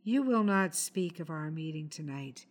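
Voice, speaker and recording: A woman's voice: low-pitched, animated, measured pace, pitched below the performer's own voice. Woman reader as a steely young heroine, firm and threatening, storybook reading. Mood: cold. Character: resolute young woman, cold and commanding.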